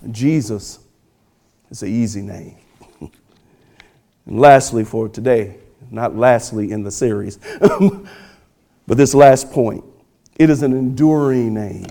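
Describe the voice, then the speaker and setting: A man preaching a sermon, building phrases with swelling emphasis and dramatic pauses. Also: medium pitch, warm tone.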